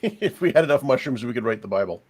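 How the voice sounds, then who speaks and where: A man's voice: mid-range voice, expressive, fast, husky. A man in a casual group chat, making dry teasing remarks. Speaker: panelist.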